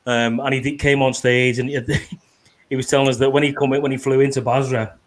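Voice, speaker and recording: A man's voice: medium pitch, a little fast. A man with a British accent, a serving soldier, swearing freely as he tells army stories in a casual chat. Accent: British English. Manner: sweary, animated storyteller.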